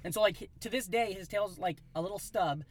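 A man in his thirties from Iowa, telling a rambling, animated story in a casual chat. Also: high-pitched, brisk. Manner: animated, rambling, acts out voices in quotes.

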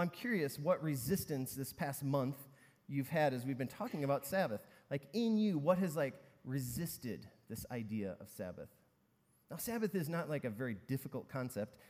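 A pastor with a mid-range, darkish voice preaches conversationally, telling a story peppered with fillers. His words carry a long reverb, as if in a large hall.

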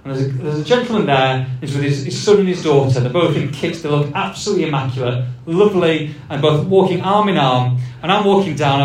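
A man's voice: on the high side, distant mic. A man, co-hosting a live podcast and telling a self-mocking story in a function suite. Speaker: podcast co-host. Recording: roomy live sound from off-mic.

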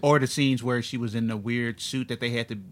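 Podcast co-host, male, chatty storyteller, laughs a lot, average pitch. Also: steady tone, a little fast. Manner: storytelling, laughs often, stammers on starts. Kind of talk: casual comedy chat.

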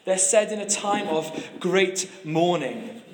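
A man's voice: high voice, lively intonation, slow pace, roomy sound, a little hiss or hum. A man preaching a sermon, telling stories with humor and often restarting his phrases. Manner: storytelling with humor and repeated restarts.

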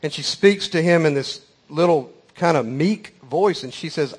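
A man's voice: on the high side, normal speed, hardly any pauses, husky. A man preaching a sermon, telling a folksy story with emphatic repeated phrases.

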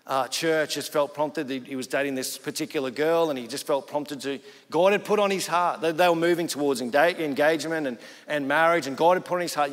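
A man's voice: on the high side, big-room sound. A pastor preaching a sermon, telling stories in a conversational way and acting out the people he quotes.

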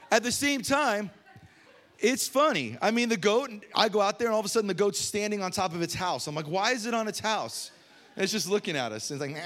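Animated man preaching a sermon. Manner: storytelling with humor, animated swings from low to loud. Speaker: pastor.

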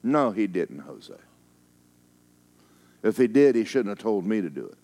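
A male pastor delivering a sermon, telling stories in a folksy, teasing way, with emphatic stretches and hushed asides. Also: fairly low pitch, sing-song, unhurried. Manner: emphatic, storytelling preacher who drops into hushed asides.

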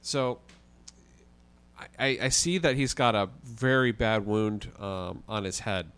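A man, a guest on a podcast, telling a story in a casual, animated way with the odd swear word. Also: on the low side, slow pace, smooth. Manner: animated, vivid retelling with occasional swearing.

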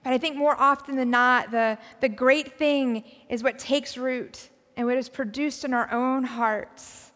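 A woman pastor giving a conversational, reflective sermon, often dropping to a soft, quiet voice. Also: high voice, steady tone, a little slow, few pauses. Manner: conversational, reflective preaching with soft drops in volume. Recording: long hall reverb.

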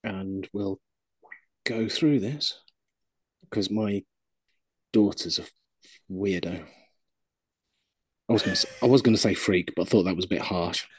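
A man's voice: on the low side, measured pace, long pauses, husky, no room sound. A man co-hosting a podcast, teasing and joking in a playful, giggly way. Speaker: podcast co-host. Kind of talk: casual chat.

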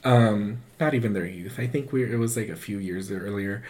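A man's voice: lowish voice, normal speed. Guy, loose chatty storyteller, plays every voice himself, fillers everywhere. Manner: animated, acts out quoted voices; loose and rambling, full of "like". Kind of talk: casual storytelling.

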